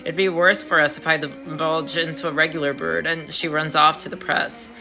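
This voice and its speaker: A man voicing a cocky young male rock musician, boastful and quick to laugh, in a game read-through. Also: fairly high pitch, little pitch movement, vocal fry, sharp tone, faint music behind, exaggerated voice. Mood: blunt.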